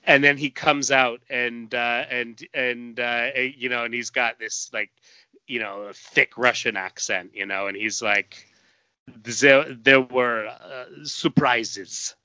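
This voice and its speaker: A man's voice: mid-range voice, level tone, unhurried, pushed and bright, clean tone, dry recording, muffled recording. A man chatting casually on a podcast, telling a long story full of fillers and restarts. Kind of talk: casual chat.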